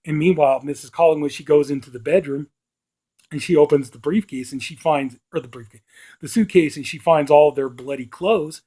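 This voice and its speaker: A man's voice: fairly high pitch, fairly quick, mellow. A man casually retelling and reviewing a horror movie, rambling along with constant filler words. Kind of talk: casual plot recap and review.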